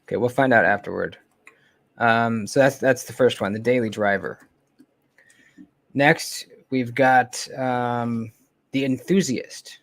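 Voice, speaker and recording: A man chatting casually on a live stream, close to his desk microphone. His pitch sits in an ordinary middle range, and he rambles, pauses often and lets his sentences trail away. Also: creaky. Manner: relaxed, rambling, lots of ums and trailing off. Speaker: knife channel host. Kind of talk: casual livestream chat. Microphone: close desk mic.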